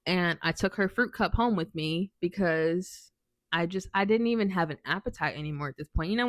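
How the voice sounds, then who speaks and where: Woman vlogger, slightly low voice, dry close sound, chatty and sassy storytime. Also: a bit bright, no room sound. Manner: chatty and sassy, lots of "um" and restarts. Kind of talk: casual storytime.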